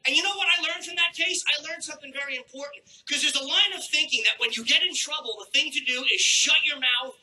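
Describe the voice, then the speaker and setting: A man doing a crude stand-up routine on a theater stage with a handheld mic, brash and mock-outraged, troubled by his throat and clearing it. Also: very high-pitched, fast, hardly any pauses, bright, forceful tone, poor audio. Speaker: stand-up comedian. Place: theater stage before a live audience.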